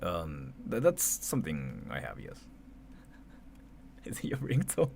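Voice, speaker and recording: A Japanese man in his thirties chats casually on a livestream in accented English, animated and laughing often, with swearing mixed among his filler words. His low voice moves slowly with vocal fry, and a little hiss or hum sits under the audio.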